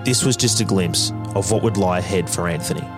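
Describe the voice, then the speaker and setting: Deep male documentary narrator. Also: a little fast, music in the background. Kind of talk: scripted narration.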